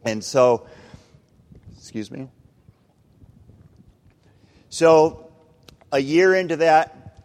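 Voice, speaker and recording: A man's voice: fairly high pitch, animated, extremely slow, pauses often, darkish tone. A middle-aged man giving an earnest, conversational testimony from the pulpit, with repeated phrases. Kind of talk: testimony sermon. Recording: reverberant hall.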